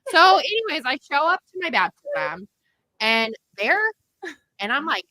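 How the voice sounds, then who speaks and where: A woman's voice: sits high, a little slow, no echo, rough recording. A woman co-hosting a podcast, telling a crude funny story in casual chat and acting out the voices. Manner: animated, crude jokes, acts out voices. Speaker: podcast co-host.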